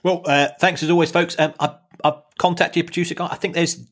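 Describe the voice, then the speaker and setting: A man's voice: a little high, level tone, brisk, fairly bright tone. A man co-hosting a podcast in casual chat, stumbling and repeating words, with self-mocking asides. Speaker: podcast co-host.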